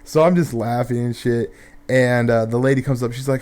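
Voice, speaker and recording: A man's voice: mid-range voice, steady tone, moderate pace, a little mellow. A young man telling a rambling, profane story in casual gameplay commentary, full of fillers and restarts.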